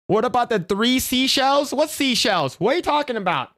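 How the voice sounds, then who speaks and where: A man's voice: very high voice, big pitch swings, moderate pace, fairly bright tone. A man live-streaming in casual chat, crude and profane, rambling with restarts in a jokey instructional tone.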